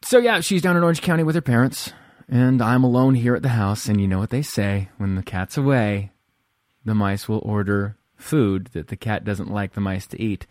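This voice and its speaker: A man from Central California talks through a casual solo podcast monologue from home, wry and self-deprecating, drifting from one thought to the next. His voice sits on the lower side, and the sound is close and dry with no room to it. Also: fairly even intonation, moderate pace, a little mellow, no room sound. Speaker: podcast host.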